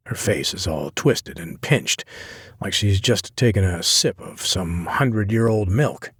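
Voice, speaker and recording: A man narrating a first-person romance audiobook in a low-key, wry inner-monologue manner. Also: lively intonation, unhurried, a bit bright, husky, no room sound, studio quality.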